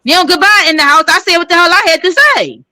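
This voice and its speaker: A woman's voice: extremely high pitch, fast talker, sharp tone, dry recording, rough recording. A woman hosting a casual livestream chat, blunt and heated, swearing freely. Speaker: livestream host.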